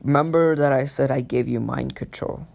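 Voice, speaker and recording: A man's voice: medium pitch, fairly even intonation, moderate pace, gravelly, darkish tone, slight background noise. A man voicing a sly, teasing male devil in a spoken fan story. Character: smug scheming male devil.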